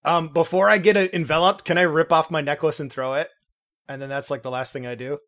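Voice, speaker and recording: A man's voice: on the high side, fairly even intonation, fast, fairly bright tone. A man playing in a tabletop game, chatting casually, joking and laughing often, with hesitant fillers. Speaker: player.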